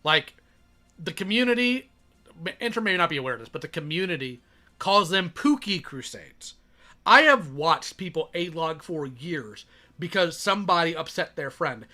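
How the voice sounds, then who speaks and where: A man's voice: fairly high pitch, very animated, moderate pace, sharp tone. A man live-streaming his reaction to a video, chatting sarcastically and reading donations aloud.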